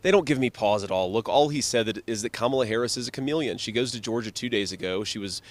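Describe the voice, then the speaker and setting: A man's voice: mid-range voice, fast talker. A man in a TV news interview, answering firmly and insistently as a politician. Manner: firm, insistent.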